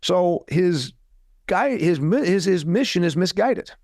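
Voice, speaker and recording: A man's voice: sits high, animated, measured pace, a little mellow, no room sound, studio quality. A middle-aged man hosting a podcast, talking in a blunt, opinionated way with wry asides. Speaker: podcast host. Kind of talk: conversational podcast talk.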